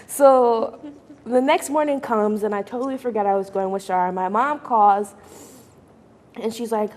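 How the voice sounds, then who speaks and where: A woman's voice: medium pitch, moderate pace. A young woman guest telling a personal story, acting out other people's lines with laughs along the way. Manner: animated, acts out quoted voices, laughs often. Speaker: mentee guest. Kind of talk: storytelling on a panel.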